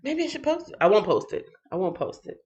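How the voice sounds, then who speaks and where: A woman's voice: mid-range voice, fast talker. A woman hosts a livestream and chats with viewers in a playful way, tired after a night shift. Her voice swings widely up and down, and the stream audio sounds dull and lo-fi. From Texas. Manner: animated and playful, breaks into sing-song bits. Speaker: livestream host. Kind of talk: casual livestream chat, reading chat comments.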